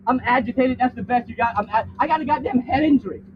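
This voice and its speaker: Cuffed inside a vehicle following his arrest, a man argues with indignation, cursing and repeating himself in a heated confrontation. He talks fast at an extremely high pitch. The recording is distant and phone-like, with faint noise.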